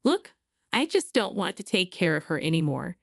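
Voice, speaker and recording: A woman voicing a callous young husband who has walked out on his wife, with a flat, dismissive manner. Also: lowish voice, normal speed, creaky, no room sound, studio quality, exaggerated voice.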